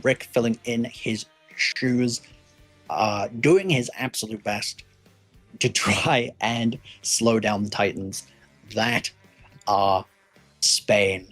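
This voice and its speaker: A man giving play-by-play commentary on a competitive racing match, measured and hedging, with frequent fillers. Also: fairly low pitch, fairly bright tone, husky, poor audio. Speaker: esports commentator.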